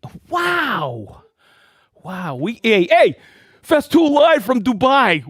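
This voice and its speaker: A man hosting a weekly live stream, reading out viewers' names and hometowns with excitement. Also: very high voice, slow, slightly rough, no echo, clean studio sound. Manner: lively, reads viewer names and places with excitement. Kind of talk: live stream shout-outs.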